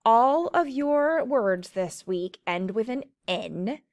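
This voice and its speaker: A woman teacher giving a slow, clear phonics lesson to children, stretching out the sounds of words. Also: a little high, animated, dry recording.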